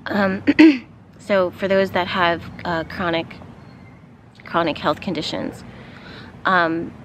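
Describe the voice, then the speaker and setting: A woman with a slightly low voice gives an unscripted spiritual card reading outdoors. She wanders through her thoughts with fillers and little laughs. Clear outdoor ambience and passing vehicles sit behind her voice. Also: fairly even intonation, takes it slowly, slight background noise. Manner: meandering, with frequent fillers and soft laughs. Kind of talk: casual channeled reading.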